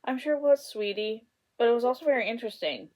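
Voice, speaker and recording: A woman voicing a gentle mother bear who soothes and explains patiently, in a storybook read-aloud. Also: fairly high pitch, lively intonation, fast, pitched above the performer's own voice, lightly acted, poor audio. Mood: soothing.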